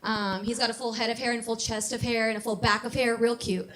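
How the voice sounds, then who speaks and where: A woman's voice: fairly high pitch, flat delivery, fairly quick, a bit bright, slight background noise. A woman in her thirties doing a brash stand-up comedy set on a club stage, laughing at her own jokes. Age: 30s.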